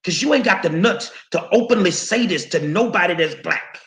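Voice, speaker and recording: A man's voice: sits high, animated, normal speed, a bit bright. A man hosting his own show, delivering heated, profane commentary straight at his viewers, confrontational and stumbling over repeated words. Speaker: show host.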